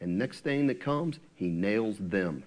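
Man preaching a conversational sermon. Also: expressive. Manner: conversational, asks the listeners questions; drops to a low, slow tone for scripture.

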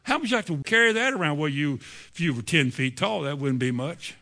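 A male pastor preaching an animated, storytelling sermon in a church, often acting out the voices. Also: a little high, brisk.

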